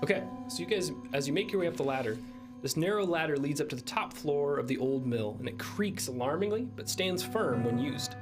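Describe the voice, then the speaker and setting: A man's voice: on the high side, animated, fairly quick, music in the background. A man running a tabletop role-playing game as game master, narrating scenes in a casual, descriptive way.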